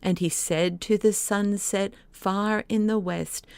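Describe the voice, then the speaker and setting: A woman narrating an audiobook, reciting a children's story poem in a slow, lilting way. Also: mid-range voice, steady tone, gravelly, darkish tone, clear, resonant tone, no echo.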